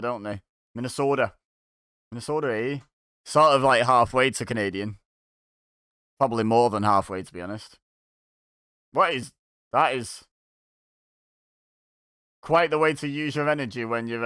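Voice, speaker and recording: A man's voice: medium pitch, bright, forceful tone, clear, resonant tone, no echo, studio quality. A man hosting a watch-along, giving casual, sarcastic reaction commentary and chuckling to himself.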